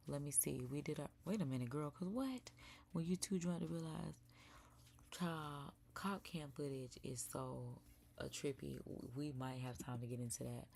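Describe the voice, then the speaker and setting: A young woman with a low voice hosts a laid-back live stream from her home, talking straight to her viewers and calling them y'all. Now and then she drops into a soft whisper, and a faint hiss sits under her voice. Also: creaky. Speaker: live-stream react host. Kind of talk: casual live-stream chat. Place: indoors at home.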